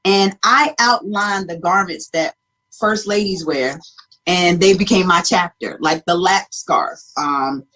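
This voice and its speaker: A woman with a husky, breathy voice talks through her stories in a relaxed talk-show chat. She is chatty and warm-toned in delivery, laughing between thoughts as she describes her books. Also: fairly low pitch, slow pace. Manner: chatty storytelling with frequent laughter. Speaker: author and guest.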